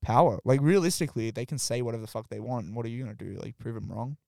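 A man's voice: mid-range voice, lively intonation, racing, vocal fry, mellow, dry recording, clean studio sound. A young man with an Australian accent, telling stories in casual chat, swearing and laughing often. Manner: swearing, laughing storyteller, acts out quotes.

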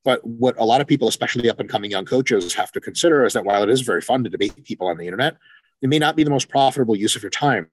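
Lively fast-talking man. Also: mid-range voice, husky. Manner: animated, swears freely, acts out quoted exchanges. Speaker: podcast co-host, coach. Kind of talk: casual chat.

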